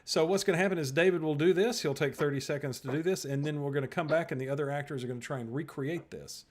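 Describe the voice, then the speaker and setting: A man hosting an online improv show over a video call, briskly directing the players. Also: fairly high pitch, a little hiss or hum. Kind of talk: hosting a virtual improv game.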